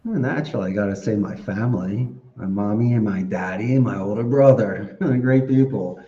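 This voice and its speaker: A man's voice: fairly low pitch, a little fast, mellow. A man talking casually as a podcast guest, chatty and playful with words, laughing often. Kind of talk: casual interview talk. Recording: dull, roomy sound.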